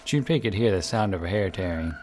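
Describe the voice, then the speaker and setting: A man reading a visual novel aloud in a measured, dramatic narration, with occasional slips. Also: sits low, animated, background noise. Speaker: game reader.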